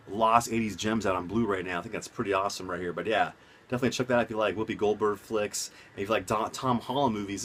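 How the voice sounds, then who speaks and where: A young man talks in a fairly low voice, rambling from one side note to the next. He sounds excited and casual, like a home vlog. A faint hiss of noise sits behind him. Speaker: movie review vlogger. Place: home room.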